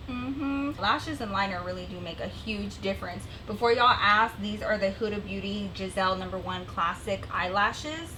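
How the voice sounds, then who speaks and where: A woman beauty vlogger telling a story while doing her makeup at home, in an animated, profane, slangy way. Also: medium pitch. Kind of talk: get-ready-with-me storytime.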